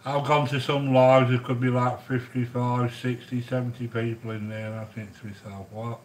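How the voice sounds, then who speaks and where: A man's voice: medium pitch, level tone, normal speed, poor audio. A middle-aged man, chatting casually with viewers while cooking a curry on a livestream. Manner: chatty, matey, calls viewers sweetheart. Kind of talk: casual chat.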